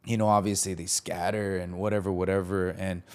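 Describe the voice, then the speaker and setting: Slangy storytelling man, lowish voice. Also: fairly quick, smooth. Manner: animated, acts out the quoted lines of others; casual, slangy, many fillers. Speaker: podcast host. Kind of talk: personal storytelling on a podcast.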